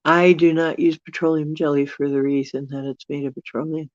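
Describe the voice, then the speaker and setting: The voice is medium-pitched and brisk with little pitch movement and no echo, belonging to a live-stream host coping with allergies. Chatting casually, the host rambles and chuckles while musing aloud to viewers. The sound is dry, dull lo-fi.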